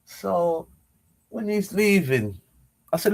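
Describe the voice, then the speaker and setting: A middle-aged man vlogging, telling a story in an animated way, stammering and repeating words as he acts out what was said. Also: mid-range voice, unhurried.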